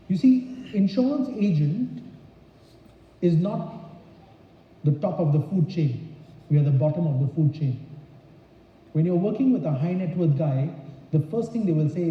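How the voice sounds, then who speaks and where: High-voiced man training in an echoey hall. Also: animated, normal speed, pauses often, recorded from a distance. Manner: emphatic, throws rhetorical questions at the audience. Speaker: insurance sales trainer. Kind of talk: seminar talk to an audience. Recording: echoey dull hall recording.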